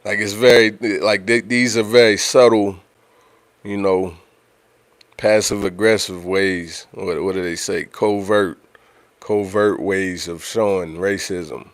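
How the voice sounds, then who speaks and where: Deep voiced guy, chatting loose on his livestream, dry sound, lots of you know what im sayin. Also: fairly even intonation, slow pace, no echo. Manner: conversational, repeats himself, frequent "you know what I'm saying". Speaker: livestream host. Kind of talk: casual livestream talk.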